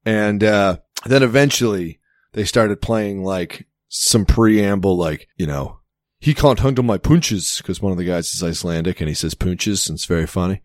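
A man's voice: deep voice, normal speed, no echo, clean studio sound. A man in casual chat, telling a rambling story with plenty of swearing and laughter.

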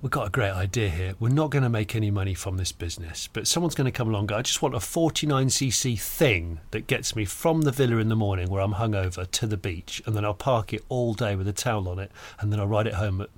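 A breezy bike-hire owner lowers his voice to pitch a bad idea as a great deal, as a man plays him. He sits low in pitch and talks quietly. His tone is conspiratorial and persuasive. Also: fast, hardly any pauses, natural voice. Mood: scheming.

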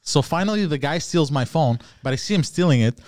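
A man's voice: fairly high pitch, expressive, a little fast, a little mellow, dry recording, studio quality. A man co-hosting a podcast, telling a long dream story in casual chat, with lots of fillers and restarts. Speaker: podcast co-host.

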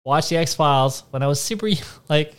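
A man's voice: a little high, normal speed, fairly bright tone, smooth. A man co-hosting a casual podcast, talking in a laid-back, rambling way that often trails off. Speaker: podcast co-host. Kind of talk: casual chat.

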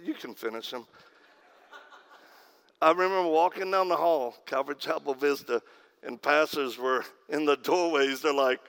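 A man preaching with humor, telling a story in a wry, deadpan way. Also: on the high side, normal speed, creaky, clear, resonant tone.

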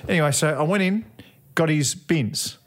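A man's voice: fairly high pitch, normal speed. A man with an Australian accent co-hosting a podcast, chatting in a playful, jokey way and laughing often. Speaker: podcast co-host. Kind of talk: casual chat.

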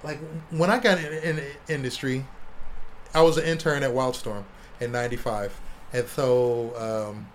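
A man from Ohio in his forties, a comic artist telling stories in a casual interview, animated and swearing freely. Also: medium pitch, normal speed, slight background noise. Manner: animated, swears, acts out quotes.

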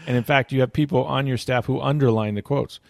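A man's voice: mid-range voice, steady tone, quick pace, gravelly. A middle-aged man hosting a casual podcast chat, rambling through stories with frequent restarts and laughs. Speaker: podcast host.

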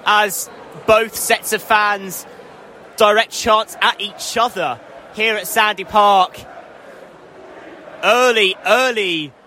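A young man giving live, excitable rugby commentary from a stadium stand, his voice climbing into shouts at big moments. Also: high-pitched, slight background noise. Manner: excitable, rising to shouts at scores. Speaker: match commentator.

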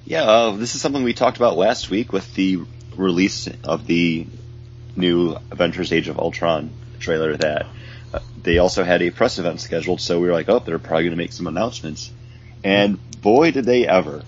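Congested deep-voiced man chatting. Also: normal speed. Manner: relaxed, chatty, rambling. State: stuffed up, congested. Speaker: podcast host. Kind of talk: casual chat. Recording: dull lo-fi sound, faint hum.

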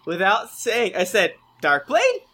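A man's voice: high-pitched, huge pitch swings, slow pace, sharp tone. A man co-hosting a casual podcast among friends, reading listener reviews aloud with playful, jokey emphasis.

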